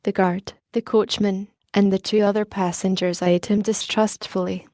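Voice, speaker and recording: Mellow woman reading a classic novel. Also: medium pitch, little pitch movement, normal speed, dry recording, clean studio sound. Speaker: audiobook narrator.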